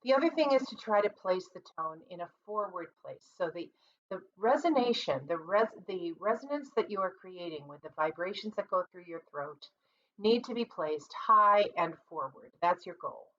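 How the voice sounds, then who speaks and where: A woman who is a music teacher and conductor, calmly explaining vocal technique in an online singing lesson, seated at her computer. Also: on the low side, moderate pace. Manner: calm, explanatory, practical. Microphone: computer mic. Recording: distant, dull lo-fi computer audio.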